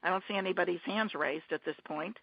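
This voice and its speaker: A woman hosting a teleconference casually, talking haltingly with many restarts and fillers over a muffled conference-call line. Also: lowish voice, gravelly, breathy edge, no room sound.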